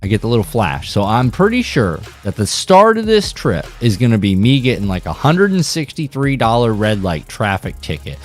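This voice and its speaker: Animated man telling a rambling story. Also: on the low side, normal speed, hardly any pauses, faint music behind. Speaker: fishing podcast host. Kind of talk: casual storytelling podcast.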